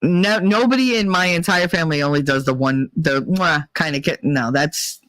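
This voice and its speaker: A woman hosting a casual storytelling monologue, blunt and profane, with Italian-American family roots, who acts out other people's voices in high squeals. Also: moderate pace, fairly bright tone, no room sound. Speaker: podcast host.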